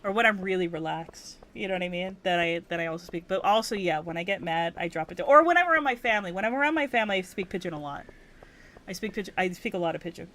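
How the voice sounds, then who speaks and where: A woman's voice: lowish voice, lively intonation, quick pace, a bit bright. A young woman from Hawaii chatting casually on a game livestream, cursing freely and getting worked up as she rants. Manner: profane, rants and gets worked up. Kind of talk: casual gaming stream chat.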